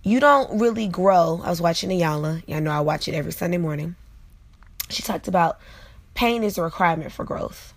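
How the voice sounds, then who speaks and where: A woman in her late twenties hosts her own vlog with a low voice and a gravelly edge to it. She chats casually to her viewers and uses plenty of fillers. The sound is dry and close, with no room echo. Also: expressive, brisk. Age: late 20s. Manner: chatty, frequent fillers, talks to viewers directly. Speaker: vlog host. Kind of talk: casual motivational vlog monologue.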